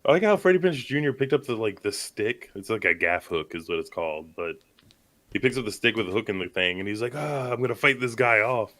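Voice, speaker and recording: A man's voice: lowish voice, expressive, fast, a bit bright. A man co-hosting a movie podcast, chatting casually, rambling and joking with lots of fillers. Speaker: podcast co-host. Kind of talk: casual chat.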